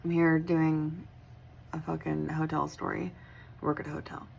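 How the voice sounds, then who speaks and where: A woman's voice: low-pitched, flat delivery, normal speed, gravelly, slight background noise. A young woman who works at a hotel, telling a story in a blunt, casual way with plenty of swearing and a tired, wry tone. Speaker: hotel worker.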